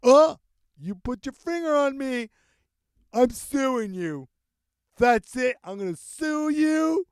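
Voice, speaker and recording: A man putting on the voice of an indignant person who threatens to sue over any touch, in a shrill, outraged, emphatic way. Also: animated, takes it slowly, smooth, no room sound, clean studio sound, full character voice. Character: indignant sue-happy adult, quick to threaten lawsuits.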